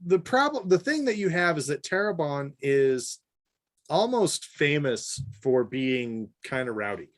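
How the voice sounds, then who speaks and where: A man's voice: a little high, very animated, a little slow. A man co-hosting a podcast in casual chat, rambling eagerly with many restarts. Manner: rambling, restarts, enthusiastic storyteller. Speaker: podcast co-host.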